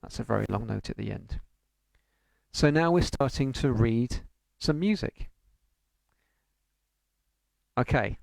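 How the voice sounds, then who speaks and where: Patient male piano tutor, gravelly edge, counts rhythms aloud. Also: mid-range voice, expressive, slow, long pauses, no room sound. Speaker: piano teacher. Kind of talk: online music lesson.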